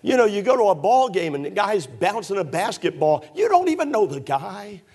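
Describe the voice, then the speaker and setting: A man's voice: sits high, sing-song, normal speed, darkish tone. A man preaching a sermon in a church, emphatic and folksy, teasing his listeners with sarcastic asides. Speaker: pastor.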